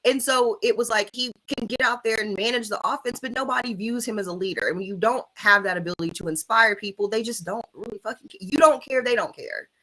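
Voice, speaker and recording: A woman's voice: a little high, fast, hardly any pauses, pushed and bright, rough recording. A woman co-hosting a sports podcast, talking candidly and emphatically with lots of "like" and "right?", cursing now and then. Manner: candid and emphatic, frequent "like" and "right?", swears casually. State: has the hiccups. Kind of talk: casual sports chat.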